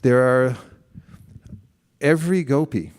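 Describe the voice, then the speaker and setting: A middle-aged man delivers a sermon in a relaxed, conversational way, often turning to his listeners with questions and playing out little back-and-forth dialogues. His voice sits at an ordinary pitch with a mellow, darker tone. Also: takes it slowly, smooth. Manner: conversational, questions the audience, acts out quoted exchanges. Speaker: spiritual teacher. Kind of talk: sermon to a live audience.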